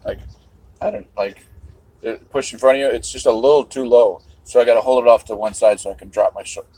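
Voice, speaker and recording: A man's voice: mid-range voice, fairly even intonation, fairly quick, warm tone, no echo, rough recording. A middle-aged man vlogging in a casual livestream monologue, rambling and musing with a half-joking tone.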